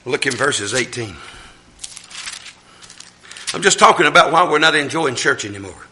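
Appalachian guy preaching loud n fervent, sharp high voice, big echoey church, mic kinda far. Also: expressive, moderate pace, long pauses. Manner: fervent, loud, shouting with frequent amens. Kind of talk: sermon. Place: large church hall. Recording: echoey hall, mic from a distance.

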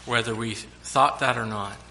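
Guy preaching a sermon, bright tense voice, bit of hiss behind. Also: medium pitch, steady tone, unhurried. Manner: preaching with sudden loud acted-out shouts.

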